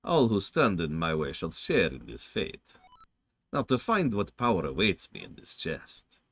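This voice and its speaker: A man voicing a haughty, sinister male sorcerer villain in a slow, gloating, theatrical vampire-like voice. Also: low voice, wildly swooping pitch, a bit bright, dry recording, exaggerated voice. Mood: scheming.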